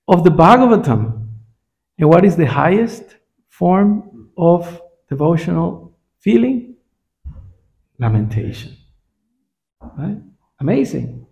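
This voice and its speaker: Here the scripture teacher at the temple has a high, gravelly, slightly mellow voice. He keeps the class conversational, often tossing a "right?" to his listeners.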